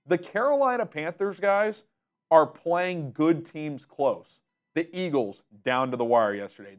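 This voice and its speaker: A man hosting a sports show, ranting with frustration and emphasis, stumbling over repeated words, his voice wearing thin. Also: fairly high pitch. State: losing his voice.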